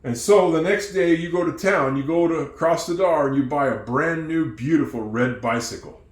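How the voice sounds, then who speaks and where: A man teaching English who tells a moral story, acting out its characters with lively changes of voice. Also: fairly high pitch, moderate pace, echoey room. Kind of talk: storytelling lesson.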